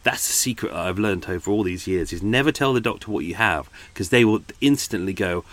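A man's voice: sits low, lively intonation, brisk, a bit bright, dry recording. A middle-aged man hosting a podcast at home, tired and chatting in a rambling, self-correcting way. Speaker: podcast host. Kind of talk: casual chat. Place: at home indoors.

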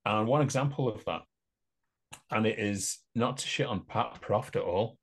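A man's voice: fairly low pitch, moderate pace, slightly rough. A man co-hosting a casual podcast, talking about films at length in a rambling, opinionated way with frequent laughter. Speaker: podcast co-host. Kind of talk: casual podcast film chat.

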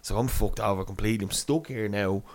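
A man's voice: fairly low pitch, fast talker. A man with an Irish accent in casual chat, telling a story full of swearing and acted-out quotes.

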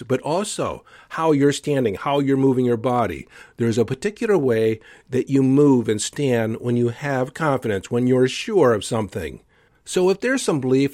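An earnest man hosting a motivational podcast, coaching his listeners with emphatic conviction. His voice sits at an ordinary middle pitch and is recorded close and dry, with no room around it. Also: a little mellow, no echo. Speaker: podcast host. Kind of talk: motivational solo talk.

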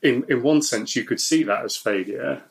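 A man's voice: mid-range voice, normal speed, gravelly. A man hosting a conversational interview, affirming and thoughtful as he reflects back. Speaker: host.

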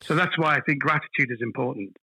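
A man, a guest on a casual podcast, tells stories with animated energy. His voice is bright and forward, with a husky edge, set a little high for a man. The recording is dry and close. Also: fast talker, no echo, rough recording. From London, England. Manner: animated storyteller, repeats words when starting a thought. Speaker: guest comedian.

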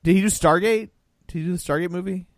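A man's voice: high-pitched, fast, no room sound. Give me a laid-back, hesitant man on a film podcast, dry close sound. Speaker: podcast co-host. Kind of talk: casual film review chat.

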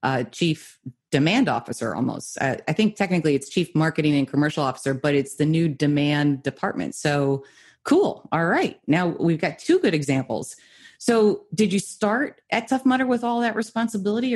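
A woman's voice: low-pitched, a little mellow. An American woman hosting an interview podcast, upbeat and enthusiastic. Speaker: podcast host.

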